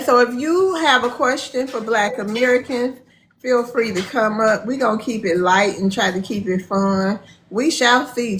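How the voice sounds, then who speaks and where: A woman's voice: mid-range voice, fairly bright tone, a little hiss or hum. A woman hosting a casual live stream, chatting and greeting viewers by name in a folksy way.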